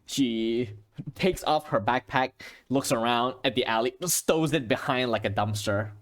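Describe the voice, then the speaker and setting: A man running a tabletop game as game master, narrating quickly and jumping into character voices. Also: mid-range voice.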